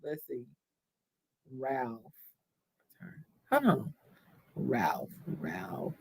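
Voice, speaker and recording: A young adult woman hosting a casual livestream chat, telling stories in a candid, profane, animated way. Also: very deep voice, very slow, slight background noise. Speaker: livestream host.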